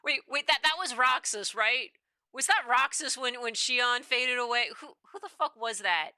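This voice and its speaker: Excitable woman streamer, bright, sharp voice, casual swearing. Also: on the high side, normal speed, clean tone, no room sound, low-quality recording. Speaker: gamer streamer. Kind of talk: let's play commentary.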